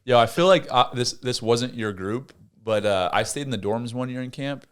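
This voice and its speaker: A young man hosting a casual podcast chat, his voice sitting at an ordinary middle pitch. He tells stories with lots of energy and acts out the other people's lines as he goes. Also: moderate pace, smooth. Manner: animated storyteller, acts out voices. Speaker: podcast host.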